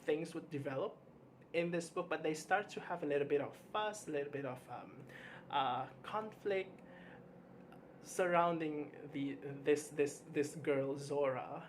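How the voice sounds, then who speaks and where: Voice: medium pitch, a little slow, slight background noise. A book vlogger chatting casually about their reading, hesitant, with frequent stammered restarts and fillers, candid and mildly exasperated. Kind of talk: casual book review chat.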